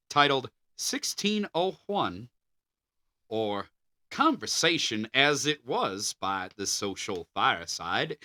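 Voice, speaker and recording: A man's voice: medium pitch, sharp tone. A man co-hosting a podcast, reading notes aloud with a dry, amused delivery. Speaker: podcast co-host.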